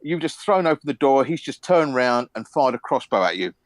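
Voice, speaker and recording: A man running a tabletop game, narrating in a relaxed, rambling way. His pitch moves a lot as he talks, and the sound is dry and close. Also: brisk, no echo. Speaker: game master.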